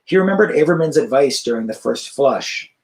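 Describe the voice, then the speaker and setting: Male author, measured literary reading over a video call. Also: mid-range voice, lively intonation, a little mellow, low-quality recording. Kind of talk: reading his novel aloud.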